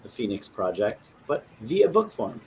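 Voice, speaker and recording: A man's voice: lowish voice, very animated, measured pace, darkish tone, a little hiss or hum. A man co-hosting a casual chat show, tossing in dry, joking asides. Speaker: co-host.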